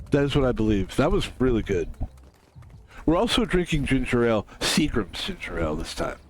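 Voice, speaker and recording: A man's voice: mid-range voice, sing-song, normal speed, pauses often, faint music behind. A man streaming a game who talks casually to his audience. He rambles, swears often and drifts into jokey asides. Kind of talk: casual solo stream monologue.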